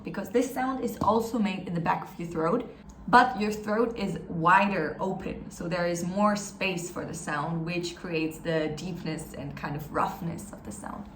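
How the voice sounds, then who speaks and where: Slow, encouraging woman teaching. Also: on the low side, roomy sound, a little hiss or hum. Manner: encouraging, demonstrates sounds and has learners repeat. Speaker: German language teacher. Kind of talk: step-by-step pronunciation lesson.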